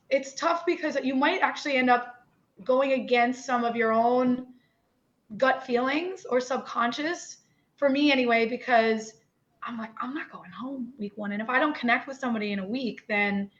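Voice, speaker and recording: A woman's voice: high-pitched, unhurried. Candid young Newfoundland woman, dull audio. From Newfoundland, Canada. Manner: animated, candid, lots of "like" and "you know". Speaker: podcast guest. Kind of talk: candid interview chat.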